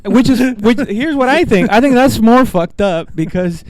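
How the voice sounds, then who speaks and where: Laughing storyteller man, smooth dry voice. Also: very high-pitched, animated, a little mellow, no echo. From Texas. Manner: laughs often, tells stories with halting restarts. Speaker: podcast co-host. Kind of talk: casual chat.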